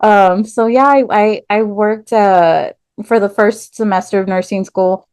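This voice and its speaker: A woman tells her own story as a podcast guest, animated, with lots of "like" and "um" fillers. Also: mid-range voice, unhurried, clear, resonant tone, no room sound. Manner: animated storyteller, acts out quoted voices, many "like" and "um" fillers. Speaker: podcast guest, nurse and business owner. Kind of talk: casual storytelling interview.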